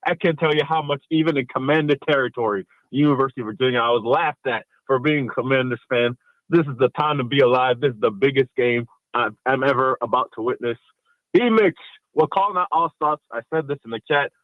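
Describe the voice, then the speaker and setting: A man in his twenties calling a sports radio show, excited and rallying. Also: medium pitch, brisk, dry recording. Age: 20s. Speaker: caller. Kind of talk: phone-in call. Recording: dull phone call.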